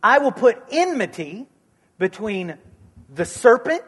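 A man with a notably high voice answers questions from the pulpit. He reassures his listeners, circling back to the same phrases. A long hall reverb hangs on the sound. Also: very animated, slow pace, breathy edge. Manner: warm, reassuring, repeats key phrases. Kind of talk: conversational preaching.

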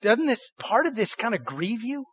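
A man's voice: extremely high pitch, big pitch swings, normal speed. A man preaching a sermon as pastor, firing rhetorical questions and leading the congregation in repeating lines.

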